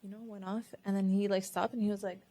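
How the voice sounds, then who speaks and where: A woman's voice: mid-range voice, flat delivery, quick pace, heavy background noise. A woman co-hosting a podcast, chatting casually, laughing often and hedging with many fillers. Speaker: podcast co-host. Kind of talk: casual chat.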